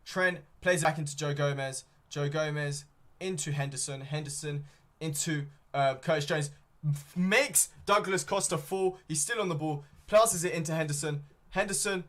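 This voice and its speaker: A young fan streamer commentates a football match live, his talk rambling and full of ums and self-corrections. He speaks at normal speed in a slightly high, somewhat bright voice.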